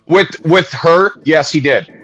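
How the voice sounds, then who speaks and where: Husky man in a heated, profane rant. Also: on the high side, slow, a bit bright, no echo, faint music behind. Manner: heated, profane, repeats jabs for emphasis. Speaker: livestreamer. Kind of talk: angry livestream rant. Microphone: streaming mic.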